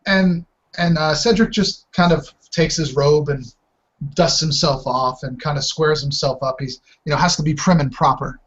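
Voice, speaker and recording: A man narrating as dungeon master in a slow, halting way, over a muffled voice chat. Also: on the high side, fairly even intonation, a bit bright. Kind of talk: narrating a tabletop game.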